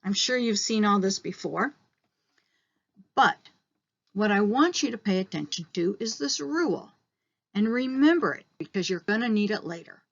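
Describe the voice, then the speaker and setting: Woman teacher explaining slowly. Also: mid-range voice, expressive, creaky, dull audio. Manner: explaining step by step, slowing on key terms. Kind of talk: recorded online lesson.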